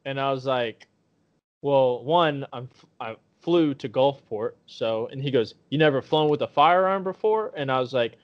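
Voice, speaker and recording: In dull lo-fi podcast audio, a man with a mid-range voice speaks at a moderate pace. He's co-hosting and telling a profane story in casual chat, acting out the voices of the people involved.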